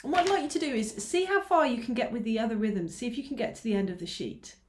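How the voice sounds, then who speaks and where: Woman, ukulele teacher, patient, counting beats aloud, mid pitch, faint hiss. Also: fast talker, a little mellow. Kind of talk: online music lesson. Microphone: mic close by, teacher moves nearer. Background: ukulele strumming.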